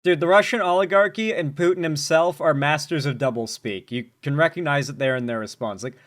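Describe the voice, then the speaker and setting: A man giving casual, animated commentary while reacting to news clips, urgent and joking by turns. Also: a little high, fairly quick, few pauses.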